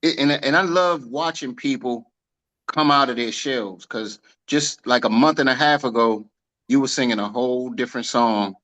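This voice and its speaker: A man hosting a motivational sales team call on a video meeting, energetic and folksy, full of homespun comparisons. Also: medium pitch, moderate pace, poor audio.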